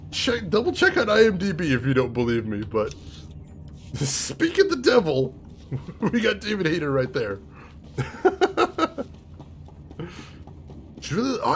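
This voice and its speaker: A man giving chatty, animated commentary while playing a video game, laughing often. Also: high-pitched, gravelly. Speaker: gaming streamer. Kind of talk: casual let's-play commentary.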